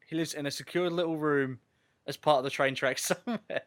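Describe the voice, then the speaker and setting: A man co-hosting a podcast, excitedly chatting about a film, laughing and swearing. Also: on the high side, fairly quick. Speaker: podcast co-host. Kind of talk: casual film review chat.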